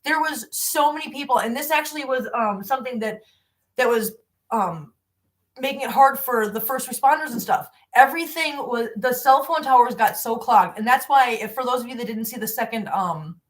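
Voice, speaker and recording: A woman's voice: a little high, normal speed. A woman around sixty, chatting on a live stream from her home in a rambling, heartfelt way, and cooing baby talk at her cats. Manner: rambling, heartfelt, repeats herself. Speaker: cat-channel host. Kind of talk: casual live-stream chat.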